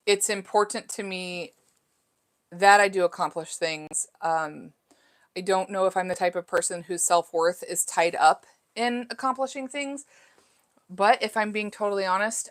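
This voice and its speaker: A middle-aged woman hosts a laid-back live chat from her home, reading viewer comments out loud and reflecting on her life. Her voice sits on the lower side and moves at a measured pace with frequent pauses. She's talkative and introspective, full of fillers and false starts.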